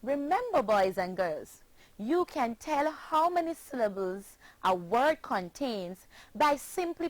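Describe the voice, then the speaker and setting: Jamaican woman teacher, very slow and careful for kids, fairly high voice, dry close sound. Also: no echo, low-quality recording. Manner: slow, deliberate, spells words letter by letter. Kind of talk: scripted children's phonics lesson.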